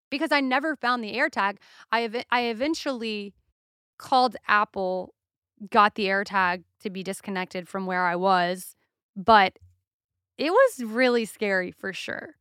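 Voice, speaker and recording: Woman podcast host, young adult, bright tone, dry close sound, swears freely. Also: fairly high pitch, moderate pace, no echo. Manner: profane, animated storytelling. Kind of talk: casual solo rant.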